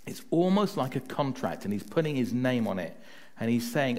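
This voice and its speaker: A male preacher giving a relaxed, conversational sermon. His pitch moves a lot as he talks, rising and falling with the story. He keeps checking in with his listeners and drops into personal anecdotes to make his point. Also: moderate pace. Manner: chatty, often adds "right?" to check in with listeners.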